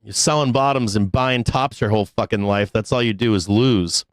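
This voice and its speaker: A man's voice: lowish voice, normal speed, no room sound, poor audio. A man hosting a live stock market show, ranting in exasperation with frequent laughter and cursing. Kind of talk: live-stream rant.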